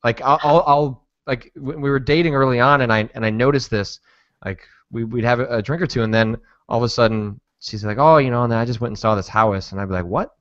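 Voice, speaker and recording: A man's voice: medium pitch, fast talker, fairly bright tone, dry recording, lo-fi sound. Rambling male podcast host, dry sound. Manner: rambling, hesitant, lots of restarts. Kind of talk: casual chat.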